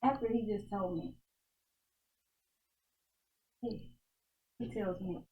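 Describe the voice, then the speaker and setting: A woman's voice: mid-range voice, fairly even intonation, takes it slowly, a little mellow, poor audio. A woman who is a guest on a show, telling her personal faith testimony in an emphatic way, repeating phrases for stress and often laughing. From United States.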